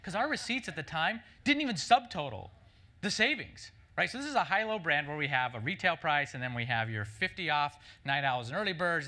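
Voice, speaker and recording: A middle-aged man, a marketing executive, telling stories to a breakfast audience in an animated way, with many restarts and "right?" asides. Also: fairly high pitch. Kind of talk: conference keynote storytelling. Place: breakfast event room before an audience.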